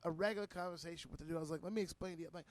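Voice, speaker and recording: A man's voice: on the high side, very fast. A man co-hosting a podcast, telling a profane story and acting out what people said, in a casual chat. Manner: profane, animated, acts out quotes. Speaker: podcast co-host, comedian.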